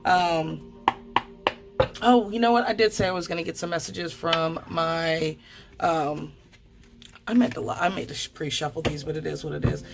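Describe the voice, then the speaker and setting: A woman giving a casual tarot card reading, chatty and quick to swear, often stammering and restarting her sentences. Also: sits low, fairly even intonation, creaky, loud music behind the voice. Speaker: tarot reader.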